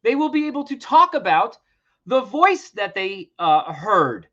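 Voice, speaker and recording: A man's voice: high voice, very animated, measured pace, pushed and bright, highs cut off. A man hosting a podcast, ranting emphatically and swearing freely. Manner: heated, emphatic, swears freely, laughs in disbelief. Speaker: podcast host. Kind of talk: opinionated podcast rant.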